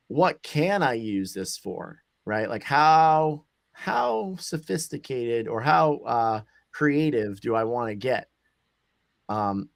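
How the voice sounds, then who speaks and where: A man's voice: mid-range voice, no room sound, studio quality. A man hosting a casual livestream chat, talking loosely with many fillers and restarts. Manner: loose, rambling, frequent fillers. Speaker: host.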